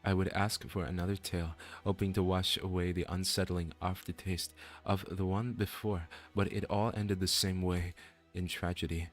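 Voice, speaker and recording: A man voicing a despairing captive trapped in a web of fate, reading game dialogue in a slow, solemn, weary way. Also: low-pitched, little pitch movement, soft background music.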